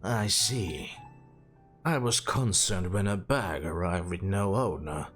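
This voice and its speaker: A man voicing a solemn, towering ancient man from a video game, speaking slowly and formally. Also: low-pitched, fairly bright tone, soft background music, heavily acted. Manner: slow, grave, ceremonious. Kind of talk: reading game dialogue aloud.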